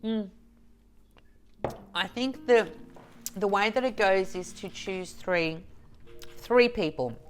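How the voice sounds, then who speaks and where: A woman vlogger chatting to camera, slow and halting with restarts and soft laughs, teary and emotional. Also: mid-range voice, soft background music. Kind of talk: emotional casual chat to camera.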